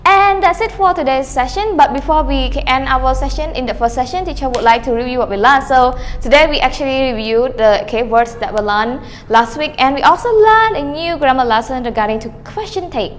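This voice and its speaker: A high-pitched woman talks fairly quickly with few pauses in her online English grammar lesson, sprinkling in "okay," calling herself teacher, and modeling question tags with rising and falling tones. The recording has a big-room sound and slight background noise.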